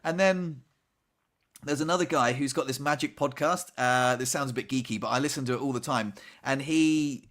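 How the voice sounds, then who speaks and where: A man's voice: medium pitch, normal speed, fairly bright tone. A man co-hosting a casual video-call podcast, chatty and rambling with lots of fillers. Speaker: podcast co-host. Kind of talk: casual chat.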